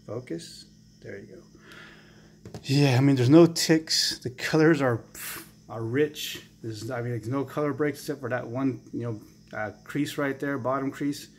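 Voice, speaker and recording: A man's voice: mid-range voice, unhurried, breathy edge. A man chatting casually to his camera as a comic book collector, enthusiastic and rambling with lots of fillers.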